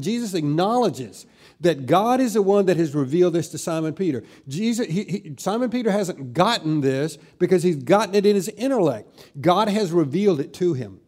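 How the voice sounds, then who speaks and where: A middle-aged man preaches a sermon as a pastor. His voice sits a little high for a man. He slows down and lifts his pitch and volume when he drives a scripture point home. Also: darkish tone.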